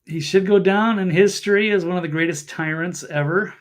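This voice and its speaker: Guest journalist guy, voice a bit on the high side, calm and agreeing along. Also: a little fast. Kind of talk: political talk show discussion.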